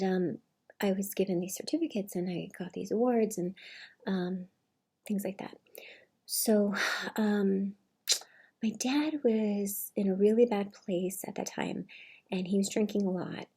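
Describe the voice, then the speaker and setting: Soft, husky woman talking casually. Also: medium pitch. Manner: rambling, many fillers and restarts, often soft and breathy. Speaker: vlogger. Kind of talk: casual personal monologue.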